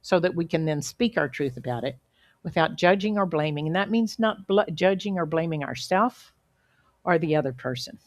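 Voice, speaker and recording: A woman giving an inspirational sermon as a guest speaker, telling a story in an earnest, measured way with emphatic pauses. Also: fairly low pitch, no echo. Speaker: guest speaker at a spiritual center.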